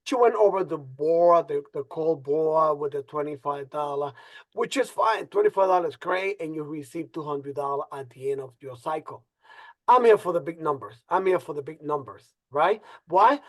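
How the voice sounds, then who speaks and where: A man with a Spanish-speaking accent co-hosting an online presentation on a video call, animated and fond of repeating his phrases. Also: on the high side, moderate pace. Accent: Spanish-speaking accent in English. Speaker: co-host presenter. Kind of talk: casual webinar presentation.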